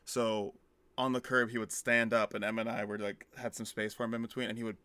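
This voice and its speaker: A young man co-hosting a podcast, telling an animated story in casual chat with lots of fillers. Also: on the low side, fast talker, no room sound. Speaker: podcast co-host.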